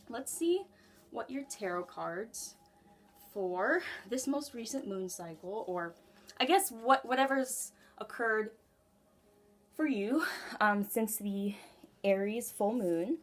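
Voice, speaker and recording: A woman's voice: on the high side, lively intonation, slow, long pauses. A woman giving a casual tarot reading at home, chatty and giggly, talking straight to her viewers. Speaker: tarot reader. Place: home room.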